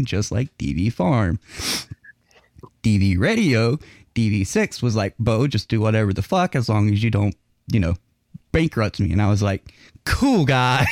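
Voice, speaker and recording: A man hosting a loose, profane podcast, swinging his voice up high whenever he acts out a story. He laughs often and swears constantly. His recording is dry and close, with no room sound. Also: dry recording. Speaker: podcast host. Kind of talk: casual chat.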